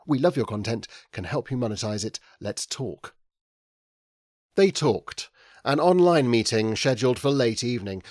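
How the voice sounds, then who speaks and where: Measured man reading an audiobook. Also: medium pitch, darkish tone, no echo, clean studio sound. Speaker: audiobook narrator. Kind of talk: scripted narration.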